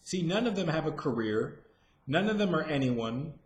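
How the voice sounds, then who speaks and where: Male vlogger, rambling profane rant, somewhat high pitch, roomy echo. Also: lively intonation, normal speed. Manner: rambling, profane, full of fillers and restarts.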